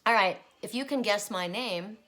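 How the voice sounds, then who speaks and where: A woman voicing a scheming little male gnome from a fairy tale, quietly striking a bargain as she retells the story. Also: medium pitch, moderate pace, a little hiss or hum, lightly acted.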